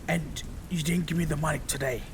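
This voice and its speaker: A man's voice: a little high, steady tone, brisk, a little hiss or hum, natural voice. A man voicing a cruel, angry teenage boy bully who mocks and swears in a fan-made audio story. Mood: mocking. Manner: snarling, mocking, swearing.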